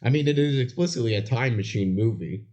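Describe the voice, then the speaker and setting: A man's voice: mid-range voice, a little fast, mellow. A young man co-hosting a podcast, trading dry jokes in casual chat. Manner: dry, joking banter. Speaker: podcast co-host. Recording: dull lo-fi podcast audio.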